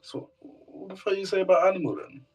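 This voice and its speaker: A man's voice: sits high, fairly quick, a little mellow, slightly rough. A man on a random video chat, blunt, confused and slangy. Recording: distant video-call audio.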